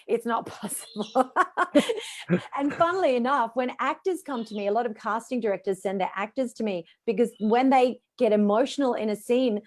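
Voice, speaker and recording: Aussie lady voice coach on a video call, lively, acts out voices as she teaches. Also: a little high, normal speed. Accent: Australian. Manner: expressive, demonstrates voices while teaching. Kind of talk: guest speaking on a live video call.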